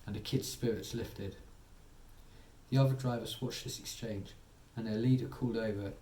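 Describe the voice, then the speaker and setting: A man narrating a soothing bedtime story, gently voicing its characters. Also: lowish voice, fairly even intonation, moderate pace, slight background noise. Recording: echoey room, distant mic, faint ambience.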